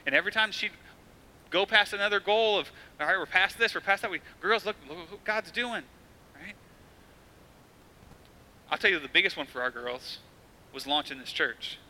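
Bright-voiced man preaching conversationally. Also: sits high, a little hiss or hum, low-quality recording. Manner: conversational storytelling preaching with acted quotes. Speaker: pastor. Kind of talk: sermon.

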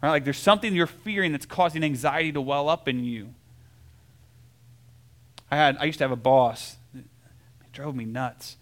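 A young adult man preaching a casual sermon, conversational and full of fillers and check-ins with the listeners, telling stories with lively swings between soft and loud. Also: on the high side, moderate pace, pauses often. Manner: conversational, lots of filler "like" and "right?". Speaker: pastor.

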